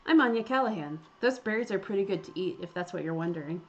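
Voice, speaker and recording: A woman's voice: mid-range voice, expressive, fast talker, lo-fi sound, close to an everyday voice. A woman voicing a plucky, blunt young Irish frontier woman with an Irish accent, breezy and cheeky, in a game.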